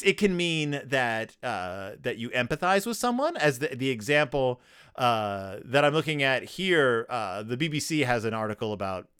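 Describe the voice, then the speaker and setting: A man hosts a podcast, talking casually and joking as he picks apart a children's book. His voice is bright and clear, and his pitch rises and falls a lot. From United States. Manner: playful, jokey, animated retelling. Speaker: podcast host.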